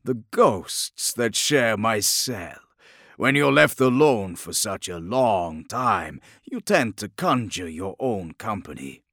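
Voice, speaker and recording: A man's voice: on the low side, very animated, slow pace, a bit bright, no echo, clean studio sound, full character voice. A man voicing an arrogant, defiant imprisoned warrior who talks in grand, mocking declamations. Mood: sardonic mocking. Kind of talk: audiobook character voice.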